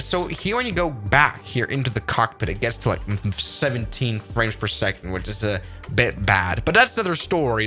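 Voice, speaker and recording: A man's voice: mid-range voice, sharp tone. A man doing casual live-stream commentary on a flight simulator, upbeat and rambling as he thinks aloud.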